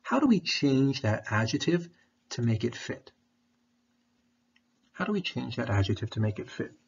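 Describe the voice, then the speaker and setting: A man's voice: mid-range voice, sing-song, moderate pace, slight background noise. A man teaching an online English lesson, talking patiently and repeating his questions, with a throat candy in his mouth. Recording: dull lo-fi recording.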